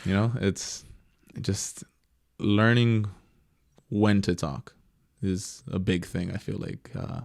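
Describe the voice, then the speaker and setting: A young man with a low, gravelly voice recounts his career as a goalkeeper in a relaxed interview. He is reflective and gets lively when acting out what others said. The sound is close and dry. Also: slow, dry recording. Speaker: professional goalkeeper guest. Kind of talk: casual interview storytelling.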